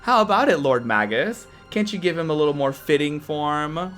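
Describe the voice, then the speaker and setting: A woman's voice: deep voice, animated, moderate pace, fairly bright tone, faint music behind. A woman reading the lines of a gloating male villain knight from a game, with taunting laughter and mockery. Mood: mocking.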